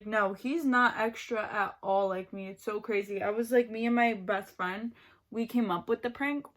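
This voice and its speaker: A woman's voice: mid-range voice, fairly even intonation, moderate pace, a bit bright. A young woman rambling chattily about her boyfriend while doing her makeup, filling her talk with "like". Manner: rambling and chatty, fills speech with "like". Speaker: beauty vlogger.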